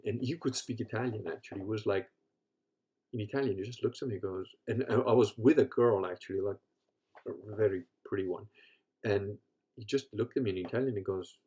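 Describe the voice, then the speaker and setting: A man's voice: medium pitch, a little fast, warm tone. Profane rambling man telling stories. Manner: profane, rambling, laughs often, voices others in quotes. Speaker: podcast host. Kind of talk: casual storytelling chat.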